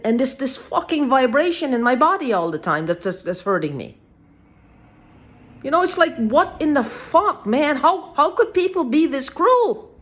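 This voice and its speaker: Her voice high-pitched, a woman rants in a personal video, agitated and halting. She keeps swearing and circling back to the same phrases.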